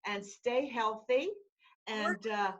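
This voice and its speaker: A woman's voice: on the high side, slow pace, fairly bright tone, a little hiss or hum, rough recording. A woman hosting a casual web-show interview over a video call, effusive and encouraging. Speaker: host.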